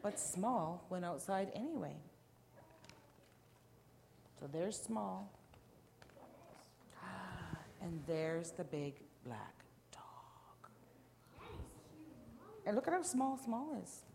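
A woman reading a picture book aloud to children, animated, asking them questions and dropping to whispers. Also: mid-range voice, slow, gravelly, pauses often, slight background noise. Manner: animated, asks the listeners questions, drops to whispers. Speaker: storyteller.

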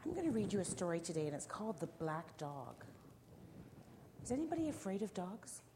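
Low-voiced woman telling a classroom story. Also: very animated, brisk. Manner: gentle, questioning, anecdotal. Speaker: teacher reading to children. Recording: noisy classroom recording.

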